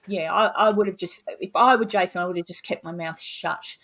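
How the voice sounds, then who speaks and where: A woman's voice: lowish voice, brisk, fairly bright tone. A woman chatting casually as a guest, blunt and talkative, swearing freely. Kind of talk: casual chat.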